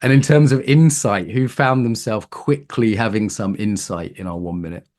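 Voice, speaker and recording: A man from Britain teaching a live coaching workshop, lively and playful, asking the room questions. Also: lowish voice, moderate pace.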